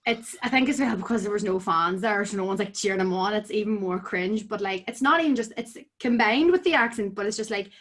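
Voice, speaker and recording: A woman's voice: medium pitch, brisk, hardly any pauses, fairly bright tone. A young woman with a Northern Irish accent, chatting casually as a podcast guest, full of "like" fillers. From Tyrone, Northern Ireland. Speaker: podcast guest, amateur boxer. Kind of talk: casual chat.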